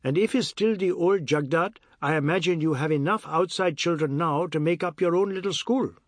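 Reader voicing a defensive, dryly teasing man; pitched up, protesting. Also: normal speed, dry recording, studio quality, natural voice. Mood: wry.

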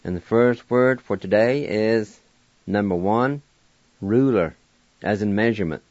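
Slow, patient man teaching words. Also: lowish voice, darkish tone, no room sound, muffled recording. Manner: patient, spells out letters one by one. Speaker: language teacher on a radio show. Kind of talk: slow spelling and pronunciation lesson.

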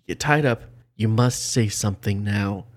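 A man's voice: on the low side, moderate pace. A man acting as game master, narrating a gamebook aloud in a playful, jokey way. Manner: jokey, slips into character voices.

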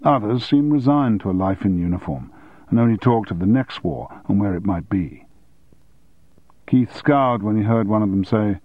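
A man narrating an audiobook in a measured storytelling manner. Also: lowish voice, lively intonation, no echo. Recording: dull dry studio audiobook recording.

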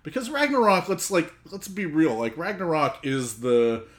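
A man's voice: fairly high pitch, lively intonation, normal speed, a bit bright. Man casually retelling myths. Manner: profane, loose retelling of myths. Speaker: podcast host. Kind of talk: casual podcast chat.

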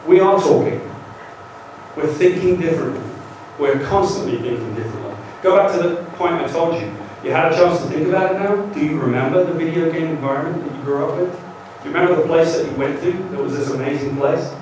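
A British man in his forties gives a conference talk, joking and acting out what others say. His voice sits a little high for a man. He was recorded from far back in a big, echoing lecture hall with a faint hiss underneath. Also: fairly quick. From Great Britain. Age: 40s. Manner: lively, joking, acts out quotes. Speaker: guest lecturer. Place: large university lecture hall. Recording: echoey hall taped from far off.

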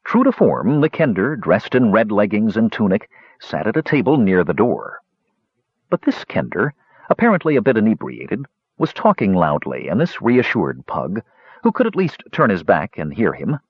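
A man reads a fantasy tale aloud with very lively, swooping intonation. His voice is a little husky. The recording is dry and somewhat dull. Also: fairly low pitch, moderate pace, no echo. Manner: expressive storytelling. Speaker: narrator. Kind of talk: audiobook fantasy narration.

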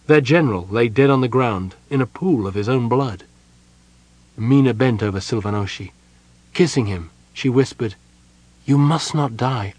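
A man reading a fantasy novel aloud as an audiobook narrator, in a measured, dramatic storytelling manner. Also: lowish voice, no room sound. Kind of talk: scripted narration.

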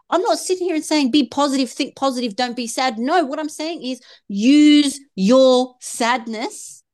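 Earnest, animated woman sharing her story. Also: fairly high pitch. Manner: earnest, animated, switches into quoted voices. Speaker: guest. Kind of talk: emotional faith and fertility talk.

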